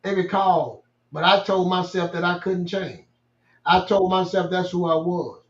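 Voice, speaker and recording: Man, co-host, high voice, emphatic and preachy, echoey room. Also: steady tone, moderate pace, highs cut off. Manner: emphatic, preachy storytelling with repeated phrases. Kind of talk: casual motivational faith talk.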